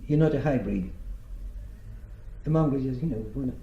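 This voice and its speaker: A man's voice: mid-range voice, moderate pace, creaky. A man giving his blunt, argumentative opinion in an interview. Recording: echoey and muffled.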